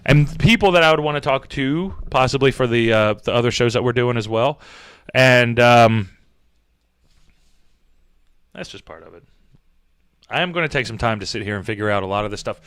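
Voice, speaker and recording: A man hosting a podcast, telling a comic story in a rambling, animated way full of fillers and casual swearing. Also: medium pitch, clear, resonant tone. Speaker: podcast host.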